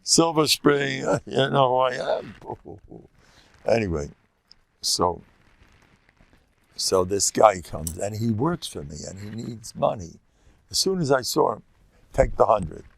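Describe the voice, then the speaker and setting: An older man giving a rabbi's lecture in a gravelly, mid-low voice, recorded dry and close. He tells stories with halting restarts and a mix of Yiddish and Hebrew words, often jumping up in pitch when he gets excited. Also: dry recording. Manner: animated, leaps to high excited pitch, laughs at his own stories. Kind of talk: lively storytelling sermon.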